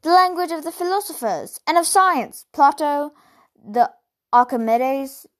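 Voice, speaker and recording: A woman's voice: sits high, animated, unhurried, voice pushed up. A woman reading the lines of a mild, bookish male tutor in a storybook, formal and stiff.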